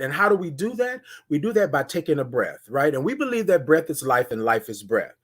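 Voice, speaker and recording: A man from Houston hosting a casual morning live stream, warmly coaxing viewers in and repeating his call-outs. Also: fairly high pitch. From Houston, Texas.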